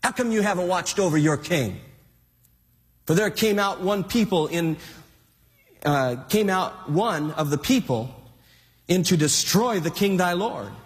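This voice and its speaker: A bold young warrior, acted out by a male preacher, calls mockingly across a distance to a general, in a high voice that swings widely in pitch. The sound carries a long reverb, as in a large hall. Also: expressive, a little slow, long pauses.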